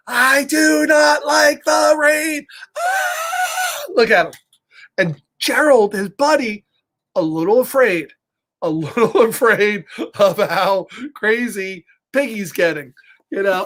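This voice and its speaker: A man's voice: high-pitched, fairly bright tone. A middle-aged man reading a picture book aloud to children, chatty and upbeat, laughing often and greeting viewers by name. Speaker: storybook reader for children. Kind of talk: read-aloud story time with live chat.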